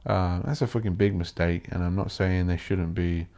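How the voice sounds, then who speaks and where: A man with a very low voice, hosting his own podcast alone. He rambles and thinks out loud in a blunt, sweary, offhand way. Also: fairly even intonation, moderate pace. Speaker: podcast host. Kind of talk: rambling solo podcast monologue.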